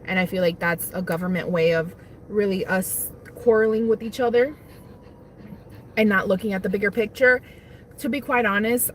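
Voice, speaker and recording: A young woman chats loosely with her viewers while eating lunch, her talk wandering and unhurried. She speaks into a phone, with a faint hum of noise underneath. Her pitch sits in an ordinary middle range. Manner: chatty, rambling, eats while talking. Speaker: livestream host. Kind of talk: casual livestream chat while eating lunch. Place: parked car on lunch break.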